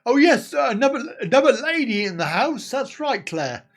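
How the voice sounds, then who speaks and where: A man's voice: extremely high pitch, very animated, moderate pace. A man hosting a casual live stream, chatting and laughing as he answers viewer comments.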